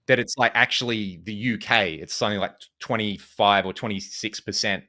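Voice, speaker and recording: Appearing as a podcast guest, this Western Australian guitar video creator rambles through casual conversation full of fillers and false starts. He speaks at normal speed in a lowish, steady voice that comes across pushed and bright.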